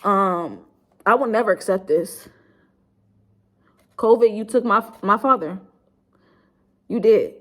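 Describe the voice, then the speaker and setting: A woman's voice: mid-range voice, slow, long pauses, fairly bright tone. A young woman vlogging to her viewers while grieving, rambling with lots of "like" and speaking bluntly, with swearing. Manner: rambling, heavy use of "like", blunt and profane. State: grieving, subdued. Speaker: YouTuber. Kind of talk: emotional storytime vlog.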